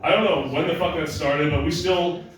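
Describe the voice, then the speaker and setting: A male stand-up comedian ranting in a profane, deadpan way at a live show, sometimes mocking other people's voices. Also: on the high side, normal speed, distant mic. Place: small club with audience laughter. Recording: very echoey room, voice off-mic.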